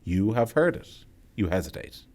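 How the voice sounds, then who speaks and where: A man's voice: on the low side, big pitch swings, normal speed. A man voicing an eerily friendly male stranger in a forest, with a small voice that falls at the ends. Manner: small, soft voice with a falling lilt.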